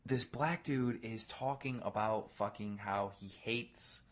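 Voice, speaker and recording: A man hosting a podcast, telling a story in casual, profane chat, acting out other people's voices loudly. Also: on the low side, slow pace. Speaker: podcast host.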